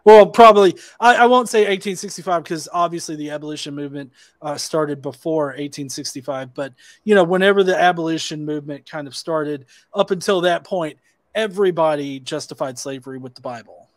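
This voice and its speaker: A man's voice: on the high side, brisk, no room sound. A man debating online, probing with questions, hesitant with many restarts and fillers. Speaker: atheist debater.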